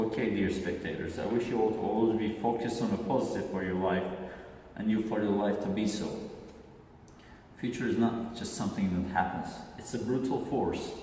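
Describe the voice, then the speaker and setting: Man, Azerbaijani accent, low voice, measured delivery, far from the mic in a booming echoey hall. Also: dark tone. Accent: Azerbaijani, Aghdam. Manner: deliberate, measured delivery with occasional restarts. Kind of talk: reading a prepared comic monologue. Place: large hall indoors. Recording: echoey hall, distant mic, faint hiss.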